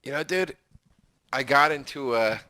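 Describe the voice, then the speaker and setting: A man's voice: medium pitch, measured pace, dry recording. A man co-hosting a casual comedy podcast, telling stories and acting out the lines of others. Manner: animated storyteller, acts out quoted dialogue. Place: apartment.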